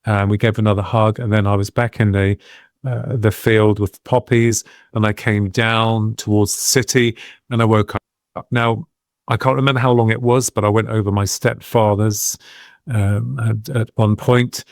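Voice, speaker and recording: Low-voiced man telling a story. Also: level tone, gravelly, dry recording, clean studio sound. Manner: reflective, meandering with frequent pauses and restarts. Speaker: guest, medium and UFO researcher. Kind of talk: casual podcast interview storytelling.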